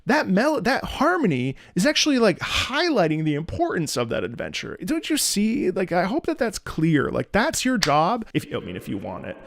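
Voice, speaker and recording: A man's voice: high voice, wildly swooping pitch, normal speed, gravelly, hardly any pauses, fairly bright tone, no echo, studio quality. A man, an opera singer, chatting casually about game music. He talks enthusiastically, uses many fillers and scats the melodies aloud. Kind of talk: casual music reaction commentary.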